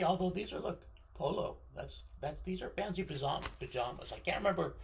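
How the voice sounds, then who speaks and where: Scratchy, gravelly middle-aged man rambling. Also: on the high side, brisk, fairly bright tone. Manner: digressive, stammering, self-interrupting. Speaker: vlogger. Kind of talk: rambling casual monologue.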